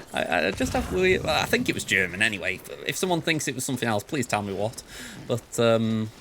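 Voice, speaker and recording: A man talks through his gameplay in a relaxed, rambling way, thinking out loud and joking at his own expense. His voice sits in an ordinary middle pitch. A faint hum of noise runs under the recording. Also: moderate pace. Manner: chatty, thinks aloud; playful, self-described goofball. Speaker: let's play host. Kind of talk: gameplay commentary.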